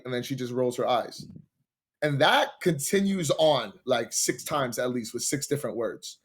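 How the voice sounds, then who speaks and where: A young man spins a dating story on a casual podcast, swearing freely and getting animated. His voice sits in an ordinary middle pitch. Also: moderate pace, husky. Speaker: podcast host.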